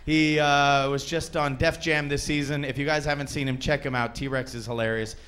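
A young man doing stand-up comedy, telling a story and acting out the people in it with shrill voices. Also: moderate pace. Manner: animated, acts out characters in shrill voices.

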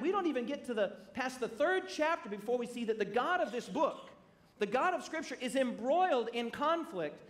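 A man preaching a sermon in a church, emphatic, with bursts of loud emphasis that drop back to quiet asides. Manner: emphatic, rising to loud bursts then dropping low.

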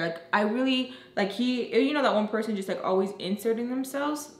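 A young woman telling a personal story in a casual, animated way, acting out what people said and filling her talk with "like". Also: fairly high pitch, fairly quick, hardly any pauses. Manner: animated, acts out quotes, lots of "like". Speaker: storyteller vlogger. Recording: echoey room with faint noise.

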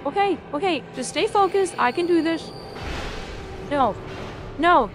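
A woman streaming a video game, reacting loudly and swearing freely at each twist of the fight. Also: very high-pitched, unhurried, over music. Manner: excitable, swears a lot, talks at the game. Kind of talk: live gameplay commentary.

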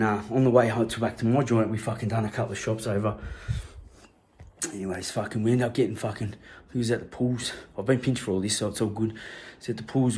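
A man's voice: fairly low pitch, darkish tone. A man with an Australian accent, telling a personal story in a rambling, slang-heavy way full of swearing. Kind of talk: casual anecdote telling.

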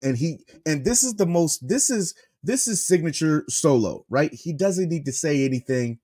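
A man co-hosting a wrestling review podcast, chatting in an animated way and laughing often. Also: fairly high pitch, moderate pace, slightly rough. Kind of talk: casual podcast chat.

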